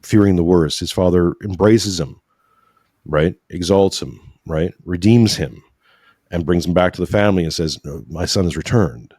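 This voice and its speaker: Low-voiced guy preaching a bit on a podcast, keeps saying right?, dry close sound. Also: normal speed, a little mellow, dry recording. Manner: earnest, preachy, repeats "right?" often; emotional at times. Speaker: podcast guest. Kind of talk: conversational religious discussion.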